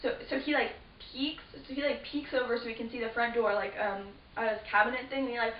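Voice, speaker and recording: A woman's voice: a little high, steady tone, quick pace. A teenage girl telling a story to camera in a rambling, casual way, full of fillers and restarts. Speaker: vlogger. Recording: roomy, distant, dull lo-fi with faint hiss.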